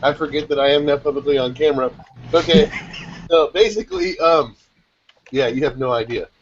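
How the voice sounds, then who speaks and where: A man in a casual group video chat, explaining things in rapid, excitable rambles. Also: on the high side, a little hiss or hum. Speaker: SEO chat panelist. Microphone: video call. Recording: dull lo-fi call audio.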